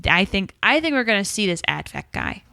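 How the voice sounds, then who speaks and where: A woman's voice: mid-range voice, big pitch swings, fairly quick, vocal fry, sharp tone, no room sound, clean studio sound. A young woman co-hosting a TV podcast in a playful, bubbly casual chat. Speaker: podcast co-host.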